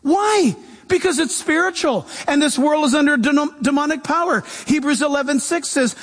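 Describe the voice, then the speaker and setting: Man pastor, high lively voice, animated sermon in a reverberant hall. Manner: animated preaching, swings between loud and soft.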